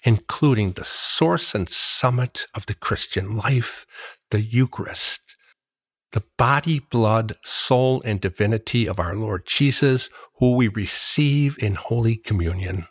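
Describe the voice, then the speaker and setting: A man giving a slow, earnest Catholic devotional reflection, reading scripture verses aloud. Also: lowish voice, breathy edge, no room sound, clean studio sound. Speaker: Catholic preacher.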